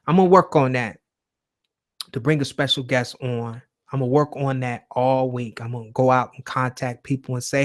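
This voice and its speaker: A man's voice: medium pitch, steady tone, moderate pace, fairly bright tone. A man hosting a casual livestream chat show, talking loosely and emphatically with plenty of swearing, speaking straight to his viewers and reading their chat. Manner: loose, profane, emphatic preaching tone. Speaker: host of a call-in show.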